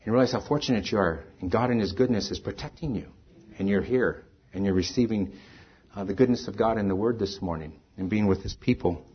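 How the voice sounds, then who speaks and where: A man preaching as pastor, earnest, swinging from emphatic stresses to quiet, soft lines. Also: fairly low pitch, fairly quick, breathy edge. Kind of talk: sermon. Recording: dull lo-fi sermon recording.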